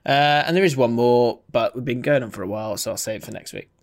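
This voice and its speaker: A young man hosting a podcast, reading out listener comments with frequent laughs and a slowed, playful reading voice. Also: medium pitch, creaky. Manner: laughs often, reads comments in a slowed, exaggerated voice. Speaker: podcast host.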